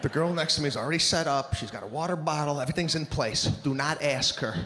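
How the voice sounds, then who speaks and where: High-voiced man ranting on stage. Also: fast, slight background noise. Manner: animated, exasperated ranting. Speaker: stand-up comedian. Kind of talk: stand-up comedy routine. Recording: live stage with long reverb, faint ambience.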